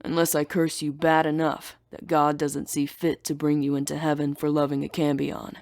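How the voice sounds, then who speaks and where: A woman's voice: low-pitched, flat delivery, moderate pace, darkish tone, dry recording, clean studio sound. A woman voicing a young man, a half-demon lover, who talks in a miserable, defensive way. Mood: brooding.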